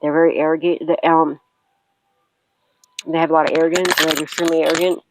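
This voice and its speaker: A woman's voice: low-pitched, level tone, fast talker, poor audio. A woman psychic tarot reader giving a rambling, profane spiritual reading.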